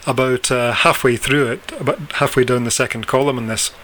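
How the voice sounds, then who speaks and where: A man giving a recorded lecture, speaking in a measured, questioning way with frequent fillers. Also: mid-range voice, fairly even intonation, fairly bright tone, a little hiss or hum.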